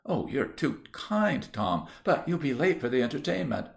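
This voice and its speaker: A man's voice: medium pitch, sing-song, moderate pace, creaky, pitched above the performer's own voice. A man voicing a humble young countrywoman who talks in rustic, old-fashioned dialect. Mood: grateful.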